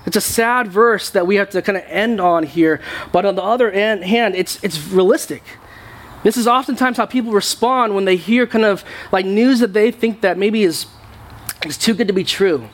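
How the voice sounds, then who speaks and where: A man's voice: sits high, moderate pace. A man preaching a sermon to his church in a conversational way, often repeating words as he goes. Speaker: pastor. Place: church sanctuary.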